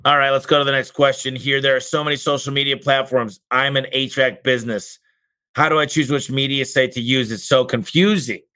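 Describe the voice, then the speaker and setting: A man's voice: medium pitch, fairly even intonation, sharp tone. A man hosting a podcast, answering listener questions with punchy, emphatic business advice and sudden exclamations. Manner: talks fast by his own account.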